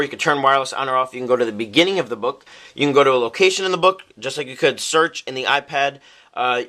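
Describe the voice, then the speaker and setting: A man's voice: medium pitch, sharp tone. A young man casually demonstrating and reviewing a device, talking to viewers with frequent ums and uhs. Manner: chatty, many ums and uhs. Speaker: tech reviewer. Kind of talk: casual product demo.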